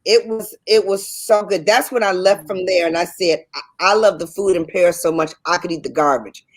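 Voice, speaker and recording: A woman's voice: lowish voice, normal speed. A woman co-hosting a radio talk show, chatty and emphatic, repeating herself for effect. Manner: chatty, emphatic storytelling with repetition. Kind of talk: casual chat.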